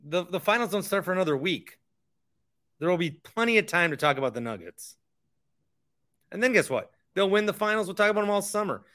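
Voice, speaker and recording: Young male podcast host, heated ranter, forceful and slightly high voice. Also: expressive, fairly quick, pauses often. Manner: heated, ranting, repeats himself. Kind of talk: casual sports talk monologue.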